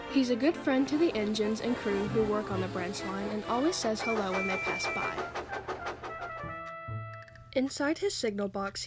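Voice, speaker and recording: Young woman reading a story aloud, calm and steady, mid-pitched voice. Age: young adult. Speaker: narrator. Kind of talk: storybook narration.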